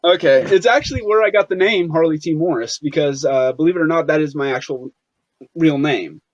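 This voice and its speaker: A man's voice: on the high side, brisk, no echo. A young man as an interview guest, telling stories casually, with many fillers and restarts. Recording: dull, lo-fi sound.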